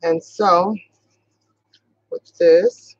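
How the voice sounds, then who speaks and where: A woman's voice: on the low side, fairly even intonation, breathy edge, no echo, dull audio. A woman from New York with a Boston-sounding accent, chatting casually and rambling as she hosts a craft tutorial livestream. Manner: chatty, rambling, talks fast at times. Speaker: craft channel host.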